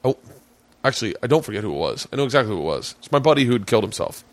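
A man's voice: mid-range voice, big pitch swings, racing, no echo. A man hosting a podcast from his man cave, swapping loose, profane stories in casual chat. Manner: rambling storyteller, profane, jokey. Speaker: podcast host.

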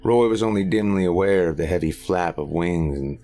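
Deep-voiced man narrating horror. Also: moderate pace, mellow, slight background noise.

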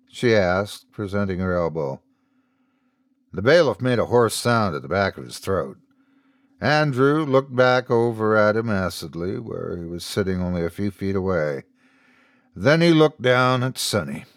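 A man narrating a scripted horror story as the show's host, reading slowly and dramatically. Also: big pitch swings, no echo, clean studio sound. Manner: slow, dramatic storytelling with wide pitch swings.

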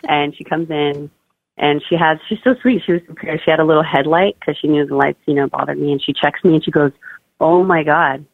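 Young woman, interview guest, chatty storyteller; gravelly fry; tinny phone-line sound. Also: sits low, fast, dry recording. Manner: chatty, fills speech with "like" and "you know". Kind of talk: personal birth story told in an interview.

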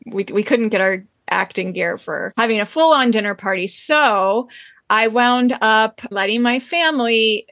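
A woman's voice: fairly high pitch, expressive, unhurried, fairly bright tone. A woman co-hosting a podcast, chatting casually and explaining with light humor. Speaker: podcast co-host.

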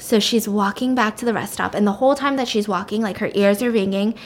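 A woman's voice: medium pitch, a little hiss or hum. A young woman casually retelling a plot, chatty and full of asides. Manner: chatty, fillers of "like", quick asides. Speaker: storyteller.

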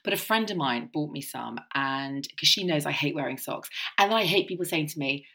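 A middle-aged woman co-hosts a chatty podcast. Her voice sits low but swings widely as she talks. Her delivery is emphatic and animated, ready to laugh. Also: normal speed, husky. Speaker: podcast co-host. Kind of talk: casual chat.

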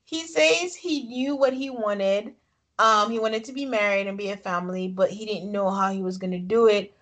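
A woman co-hosting a podcast, recapping a reality show episode in casual, animated chat. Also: mid-range voice, moderate pace. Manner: animated storytelling, frequent laughs. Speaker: podcast co-host.

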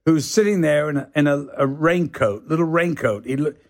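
A man, a podcast guest telling show-business anecdotes in a lively way and swearing freely. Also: a little high, moderate pace. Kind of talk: anecdotal storytelling.

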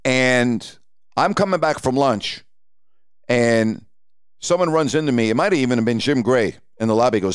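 A man's voice: medium pitch, moderate pace, clear, resonant tone, no room sound, clean studio sound. A middle-aged man hosting a podcast, casually telling stories from his sportscasting career and acting out the dialogue. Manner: animated storyteller acting out quoted dialogue. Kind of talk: casual storytelling.

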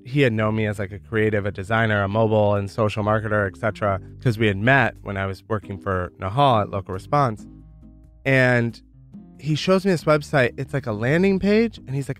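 A young man from Michigan, a founder telling his own story in a casual, candid way, lively when he quotes others. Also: mid-range voice, fairly quick, soft background music. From Michigan, United States. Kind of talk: storytelling, podcast interview.

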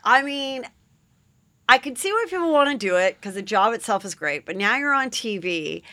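A woman hosting a casual podcast, chatty and asking quick follow-up questions. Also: a little high, sing-song, pushed and bright, dry recording. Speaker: podcast host.

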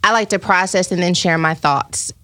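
A woman's voice: lowish voice, fairly even intonation, normal speed, sharp tone, no room sound. Reflective woman telling a story, dry sound. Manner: storytelling, reflective, laughs easily. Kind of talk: casual chat.

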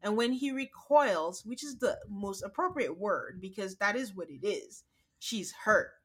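A woman co-hosting a podcast, chatting casually and retelling scenes by quoting people in a flat, drawn-out voice. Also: medium pitch, breathy edge. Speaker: podcast co-host. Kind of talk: casual recap chat.

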